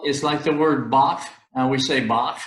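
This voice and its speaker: A man patiently teaching Hebrew letters one by one, sounding them out slowly and repeating them. His voice sits at a middle pitch and carries a roomy echo from the space around him. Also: flat delivery. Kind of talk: one-on-one language tutoring.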